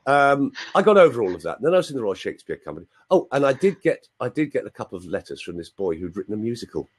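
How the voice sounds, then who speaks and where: Lively, breathy older London man. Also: medium pitch, fast talker. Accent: London English. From London, England. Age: 60s. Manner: chatty, playful, asks listeners for confirmation. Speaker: guest. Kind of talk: storytelling on a live video chat.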